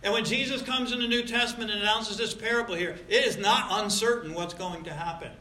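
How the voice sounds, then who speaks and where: A man preaching in a church sanctuary, his bright, high voice hammering key words and then sinking low for asides. The sermon rings through an echoing room, with faint ambience underneath. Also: fairly quick. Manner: emphatic, swinging between loud stresses and quiet asides. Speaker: pastor. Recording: roomy echo.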